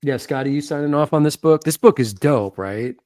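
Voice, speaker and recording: A man's voice: on the high side, brisk, a little mellow, no room sound. A man who is a comic artist, hosting a casual, enthusiastic chat about comics, full of slang and casual swearing.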